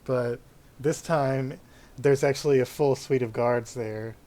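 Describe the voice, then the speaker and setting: A man's voice: mid-range voice, steady tone, a little slow, warm tone. A man narrating as game master in a casual, loose way with plenty of fillers.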